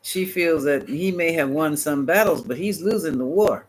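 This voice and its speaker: A man giving a live-stream tarot reading, chatty and animated, talking back to viewers and laughing often. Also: on the high side, normal speed, a little hiss or hum, low-quality recording. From United States. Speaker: tarot reader.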